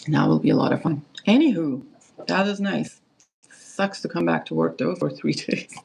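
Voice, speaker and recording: A woman's voice: deep voice, moderate pace, gravelly, darkish tone, breathy edge, rough recording. A woman hosting a casual perfume livestream, rambling and chatty with lots of fillers and restarts. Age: adult, parent of kids.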